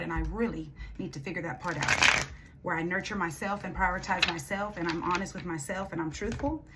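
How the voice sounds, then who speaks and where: A woman's voice: mid-range voice, heavy background noise. A young woman giving a casual tarot reading, blunt and emphatic, swearing freely as she talks straight to the viewer. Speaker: tarot reader.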